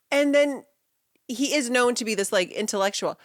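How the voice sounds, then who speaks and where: Lively woman co-host, bright expressive voice. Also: medium pitch, fairly quick, no room sound, clean studio sound. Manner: expressive storyteller, acts out quotes. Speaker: podcast co-host. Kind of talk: casual chat.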